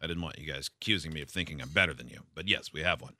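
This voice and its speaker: A man's voice: a bass voice, rapid-fire, sharp tone. A man hosting a radio talk show, joking and reading listener texts in casual chat. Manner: jokey, leads the discussion and reads listener texts.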